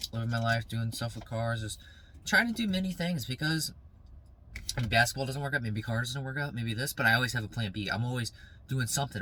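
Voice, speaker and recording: A man's voice: mid-range voice, sharp tone, low-quality recording. A young man talking casually and motivationally to his phone camera outdoors, rambling at times and then turning heated and preachy. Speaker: vlogger.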